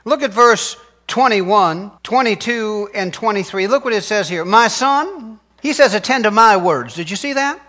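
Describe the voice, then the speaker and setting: A middle-aged man preaching with emphatic call-and-response. His voice sits high and swings widely in pitch, with a bright, forceful edge. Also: animated, moderate pace, hardly any pauses. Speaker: pastor. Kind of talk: sermon.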